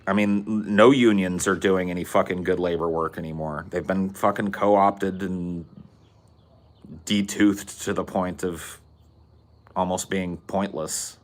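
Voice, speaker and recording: A man from Central California with a Californian accent, chatting casually on a podcast, loose and profane, with lots of "like"s. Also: sits low. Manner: loose, profane, rambling with many "like"s. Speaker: podcast co-host.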